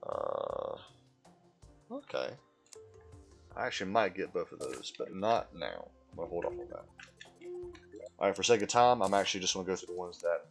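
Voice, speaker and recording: A man's voice: low voice, sing-song, moderate pace, vocal fry, long pauses, faint music behind. A man live-streaming a video game, chatting casually and answering viewers from chat.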